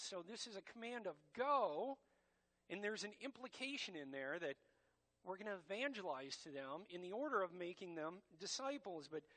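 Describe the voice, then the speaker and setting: A man's voice: high-pitched, pushed and bright. A man preaching a sermon as pastor, emphatic and direct, addressing his congregation as church.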